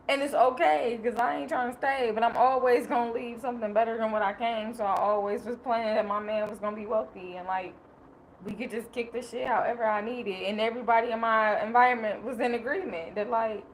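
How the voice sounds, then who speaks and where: A woman's voice: a little high, creaky, slight background noise, poor audio. Emotional, rambling woman on a livestream. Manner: emotional, rambling, laughs often. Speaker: livestream host. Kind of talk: casual personal livestream talk.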